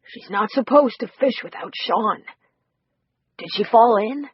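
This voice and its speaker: A narrator voicing Art, a big, shaken man with a gruff, raspy voice who talks simply and earnestly. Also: high voice, unhurried, no echo, dull audio, pitched above the performer's own voice, heavily acted.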